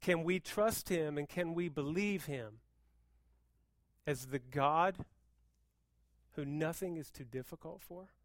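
A man preaching a sermon as pastor, moving between hushed, intense passages and loud, fervent appeals. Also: on the high side, slow pace, long pauses, no room sound, clean studio sound.

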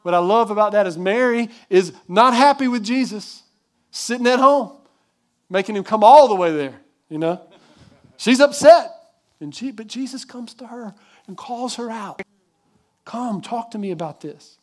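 A man with a high voice preaching to his congregation. He presses his points hard and keeps asking the listeners questions. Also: animated, moderate pace. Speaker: pastor. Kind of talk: sermon.

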